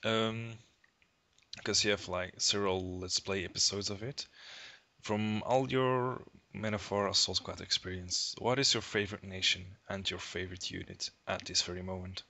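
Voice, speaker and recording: A man interviewing a guest casually, asking relaxed questions. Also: low-pitched, moderate pace, dry recording.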